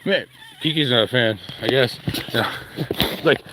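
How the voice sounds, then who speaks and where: A man's voice: medium pitch, takes it slowly, background noise. A man rambling jokily while live-streaming a walk outdoors with his dog, chatting to his viewers. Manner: jokey, rambling, talks to chat and his dog.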